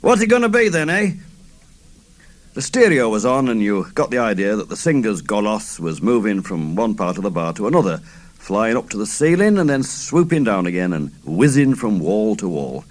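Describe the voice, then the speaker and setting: A man's voice: lowish voice, sing-song, normal speed, darkish tone. A man in his fifties, an author reading his novel aloud in a theatrical, first-person style. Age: 50s. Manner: theatrical, swooping delivery.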